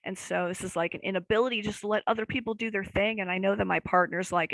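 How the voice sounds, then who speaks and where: Casual young woman podcast host, rambling and self-deprecating, gravelly voice, dry close sound. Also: mid-range voice, fairly even intonation, quick pace, hardly any pauses, fairly bright tone, no room sound, low-quality recording. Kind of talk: casual chat.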